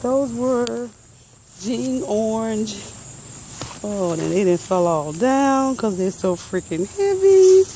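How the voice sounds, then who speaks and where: A woman's voice: mid-range voice, warm tone, a little hiss or hum, low-quality recording. A woman, out of breath, casually walking through her vegetable garden and muttering plant names as she films. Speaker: gardening vlogger.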